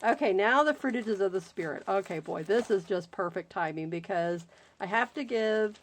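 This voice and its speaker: This crafting channel host speaks at a medium pitch with lively intonation. She casually chats through an unboxing of happy mail, gushing over each gift, exclaiming often, and drawing out her delight slowly.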